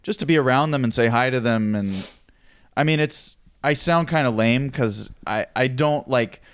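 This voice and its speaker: A young adult man from Philadelphia hosting a relaxed conversation. His voice is clean and even and sounds close and dry. He thinks out loud and pokes a little fun at himself. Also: medium pitch, normal speed, smooth, dry recording. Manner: reflective, self-deprecating, asks the guest questions. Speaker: podcast host, comedian. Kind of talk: casual chat.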